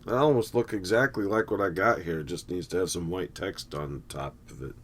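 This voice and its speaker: A man's voice: low-pitched, fairly quick, a bit bright. A man talking casually over a film, rambling with wry, sarcastic asides. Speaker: movie commentator. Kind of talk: casual running movie commentary.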